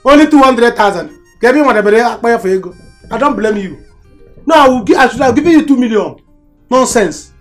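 An actor with a Nigerian accent playing a stingy, boastful older brother who mocks and orders people about. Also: male voice, very high voice, animated, fairly quick, soft background music. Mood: mocking. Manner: mocking, boastful, mixes Igbo and Yoruba phrases. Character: boastful, stingy male moneyed big brother. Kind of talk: Nollywood film acting.

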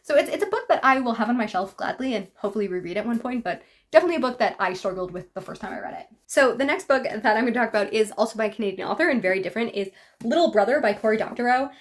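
A woman's voice: a little high, lively intonation, rapid-fire. Chatty woman vlogging about books. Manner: chatty, filler-heavy, frequent "like", laughing asides. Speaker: book vlogger. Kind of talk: casual book haul chat.

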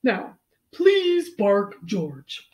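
A woman's voice: medium pitch, wildly swooping pitch, drawn-out words, darkish tone, heavily acted. A woman voicing a male animal vet in a children's story, speaking firmly and reassuringly.

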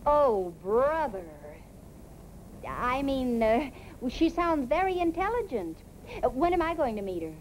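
An actress playing a quick-witted young woman who teases her father in a sarcastic 1950s sitcom style. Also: high-pitched, sing-song, a little hiss or hum, rough recording. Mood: scheming. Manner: teasing, sarcastic. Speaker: daughter in a sitcom.

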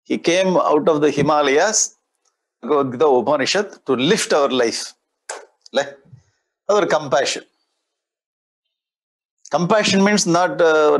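Husky Indian swami giving a discourse. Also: male voice, fairly high pitch. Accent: Tamil-influenced Indian English. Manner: explains Sanskrit verses line by line, with playful mimicry and chuckles. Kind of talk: spiritual discourse.

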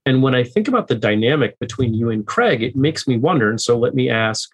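A man's voice: mid-range voice, animated, brisk, breathy edge, rough recording. A man hosting a podcast interview, asking thoughtful questions and rephrasing them at length. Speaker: podcast host.

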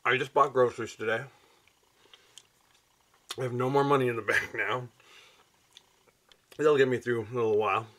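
A man hosting a casual vlog, wry and playful, breaking into loud, high bursts. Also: fairly even intonation, normal speed, long pauses. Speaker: vlogger host.

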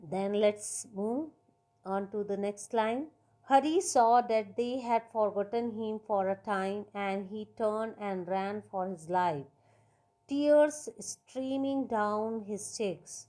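A woman's voice: medium pitch, slow, dark tone. A woman teacher with an Indian accent explaining a story to students, patiently repeating words and mixing in Hindi. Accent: Indian English.

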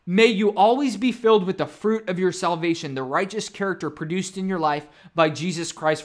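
A man preaching a sermon in a fairly high voice. He teaches earnestly, circling back to his points and speaking straight to his listeners as "you guys". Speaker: pastor.

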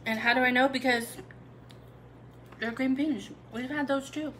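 Upbeat chatty woman, bright voice. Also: high voice, fairly even intonation, measured pace, slight background noise. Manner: chatty, upbeat, playful asides. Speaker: cooking channel host. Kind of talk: casual live video chat.

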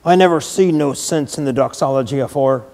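A hoarse, stubborn old gardener, gruff and plain-spoken, as a man puts him on. His voice sounds mellow and a little distant, with a long echo behind it. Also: mid-range voice, brisk, lightly acted.

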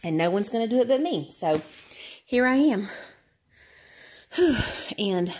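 A woman's voice: medium pitch, very animated, takes it slowly, darkish tone. A woman chatting candidly to camera on an exercise bike, a little out of breath, with lots of fillers. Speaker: vlogger. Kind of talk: casual talk to camera while cycling.

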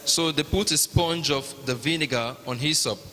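A man with a Nigerian accent narrating the Passion at a liturgy, in a measured, even reading. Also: a little high. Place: large cathedral. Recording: long cathedral reverb.

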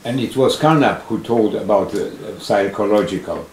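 Low-voiced man speaking from the audience. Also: normal speed, a little mellow. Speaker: audience member. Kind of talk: question from the floor. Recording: distant, echoey hall with faint noise.

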